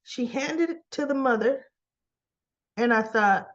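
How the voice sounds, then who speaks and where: A woman's voice: high voice, unhurried, lo-fi sound. A woman recapping and reviewing a soap opera episode in casual chat, acting out the characters' lines and laughing often in disbelief. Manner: animated storyteller, acts out characters' lines; laughs often, teasing and incredulous.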